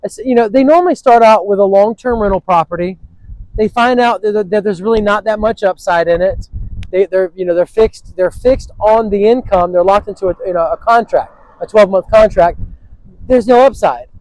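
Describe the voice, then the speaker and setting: A man with a high voice hosts an interview, pitching property in an upbeat sales manner and often repeating himself. The sound is dry and close. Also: normal speed, darkish tone, no echo, low-quality recording. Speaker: host and real estate agent.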